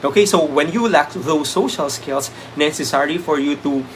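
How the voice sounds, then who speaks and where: A man's voice: on the high side, normal speed, a little hiss or hum. A man with a Filipino accent leads a live exam review, switching between English and Tagalog, with many "um" fillers, and thanks viewers by name. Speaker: review lecturer.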